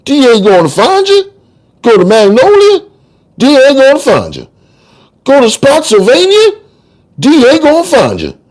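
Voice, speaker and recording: A man's voice: a little high, huge pitch swings, unhurried, long pauses, full character voice. A man doing a slangy, showboating trial lawyer. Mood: arguing. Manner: slangy, sing-song courtroom oratory. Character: fast-talking street-smart male trial lawyer. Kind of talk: dramatic audiobook reading.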